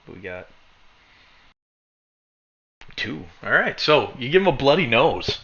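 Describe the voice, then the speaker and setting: A man's voice: medium pitch, sing-song, measured pace, gravelly, fairly bright tone. A man running a tabletop game as game master, narrating in a rambling way and correcting himself as he goes. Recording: dull lo-fi recording.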